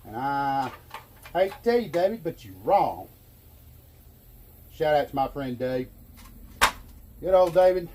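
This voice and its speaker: A man's voice: mid-range voice, animated, a little slow, long pauses, warm tone, slight background noise. A middle-aged man from Arkansas with a Southern drawl, rambling in a folksy, self-amused way as he vlogs a DIY job. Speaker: vlogger. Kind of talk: casual DIY vlog talk.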